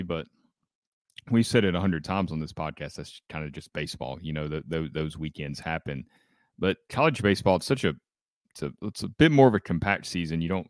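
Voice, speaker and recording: A man co-hosting a casual sports podcast, measured, thinking his points through aloud. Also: deep voice, no echo, clean studio sound. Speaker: podcast co-host.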